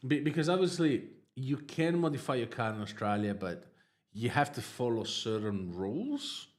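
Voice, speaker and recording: A man hosting a livestream, telling a personal story in a casual, halting way, with lots of fillers and restarts, laughing at his own tale. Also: medium pitch, expressive. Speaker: livestream host.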